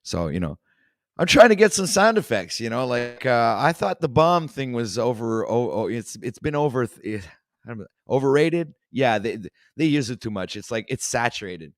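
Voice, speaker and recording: A man's voice: medium pitch, big pitch swings, moderate pace, no room sound. Give me a Canadian man hosting a casual livestream, rambling with fillers, recorded dry. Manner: rambling with many fillers and restarts. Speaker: talk show host.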